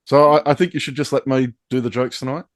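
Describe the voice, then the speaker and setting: A man's voice: mid-range voice, fairly even intonation, quick pace, no echo. A man hosting a sports podcast, with wry, teasing remarks. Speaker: podcast host. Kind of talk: casual sports chat.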